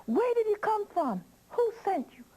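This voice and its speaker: A woman's voice: mid-range voice, unhurried, dark tone, close to an everyday voice, low-quality recording. A woman voicing a cranky old female witch who shrieks her indignant outbursts in a storybook reading. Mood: shrill, angry.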